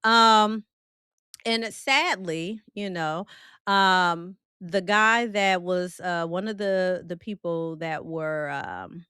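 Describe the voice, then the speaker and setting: A woman's voice: lowish voice, takes it slowly, clear, resonant tone, dry recording, studio quality. A woman hosting a casual live stream, reading viewer comments aloud and reacting bluntly with jokes and laughter. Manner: animated, blunt and joking, with frequent laughter; loose, colloquial Southern-tinged phrasing. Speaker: host of a film and celebrity live stream.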